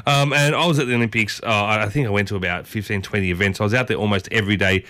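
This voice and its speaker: A man's voice: fairly low pitch, steady tone, rapid-fire, bright, forceful tone, dry recording. An Australian man hosting a casual morning radio show, chatty and enthusiastic, often repeating his catchphrases, speaking from a radio studio. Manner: chatty and enthusiastic, repeats "I tell you what". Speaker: radio host.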